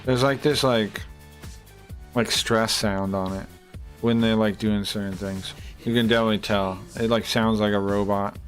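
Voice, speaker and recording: A man's voice: lowish voice, steady tone, normal speed. Rambling male streamer, faint music behind. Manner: rambling, talks to chat, swears. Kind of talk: casual live-stream chat.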